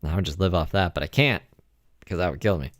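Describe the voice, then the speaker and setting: Commentator, very low voice, sarcastic asides over clips, dry sound. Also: fast, dry recording. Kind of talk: reaction commentary.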